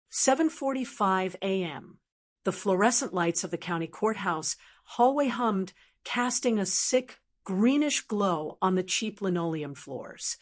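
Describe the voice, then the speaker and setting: A woman narrating a dramatic first-person story in a measured, scripted way. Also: medium pitch, animated.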